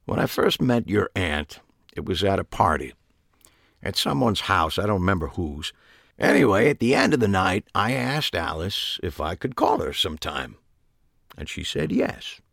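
A man voicing a gruff older widower who talks in a flat, deadpan way for an audiobook. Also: deep voice, moderate pace, no room sound, clean studio sound, exaggerated voice. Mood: reminiscing. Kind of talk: audiobook character voice.

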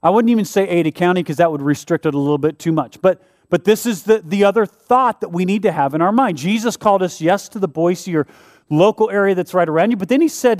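A man's voice: sits high, expressive, brisk, darkish tone, dry recording, clean studio sound. A man preaching a sermon as pastor of a local church, in a conversational way with rhetorical asides.

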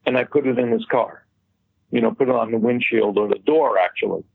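A man's voice: medium pitch, a little fast, creaky, breathy edge, no echo, phone-quality sound. A man casually telling a long anecdote as an interview guest, chatty and swearing freely. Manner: chatty storyteller, swears freely, laughs at his own punchlines. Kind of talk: casual anecdote over a call.

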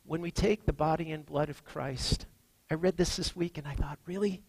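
A man preaching a sermon as pastor, earnest, reading scripture and moving between hushed and emphatic lines. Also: fairly high pitch, fairly even intonation, moderate pace, creaky, breathy edge, dry recording, low-quality recording.

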